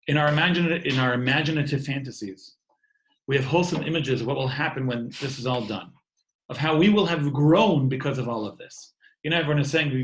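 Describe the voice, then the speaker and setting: An earnest man in his thirties gives an inspirational talk from home over a video call. His voice sits in an ordinary middle pitch, and he often repeats words as he builds his points. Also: low-quality recording. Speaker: speaker giving an online talk. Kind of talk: warm inspirational talk to an online audience.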